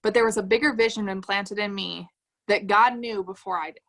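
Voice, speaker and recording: This woman, who leads a direct-sales team, speaks briskly on a livestream in a medium, slightly bright voice with fairly even intonation. She offers an upbeat pep talk and reads chat comments aloud.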